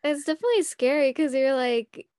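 A woman co-hosting a casual chat, relaxed and chatty. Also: sits high, a little fast, dry recording.

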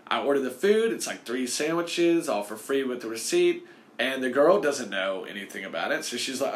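A man in the middle of a casual personal story, rambling along with plenty of "like" and "you know". His pitch swings widely and keeps the telling lively, sitting around a normal male middle register. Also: brisk.

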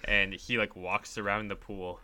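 Casual chat, young man, lowish and bright, acts out quotes with a laugh. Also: normal speed, clean tone. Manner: animated storyteller acting out quotes, laughs often. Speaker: podcast co-host.

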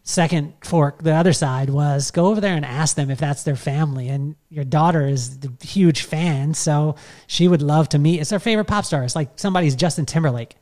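Animated storytelling man, slightly high. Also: a little fast. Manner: animated, rambling with fillers and restarts. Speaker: podcast host telling a story. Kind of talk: casual storytelling.

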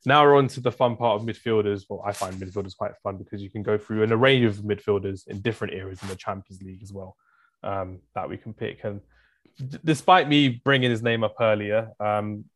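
Fast-talking man in casual football chat. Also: on the low side, fairly even intonation. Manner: enthusiastic, rambling, listing players. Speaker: podcast co-host.

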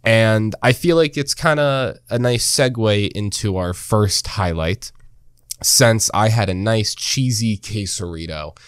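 A young man hosting a casual podcast, relaxed and full of fillers, laughing often. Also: lowish voice, takes it slowly, smooth, no echo, studio quality. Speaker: podcast host.

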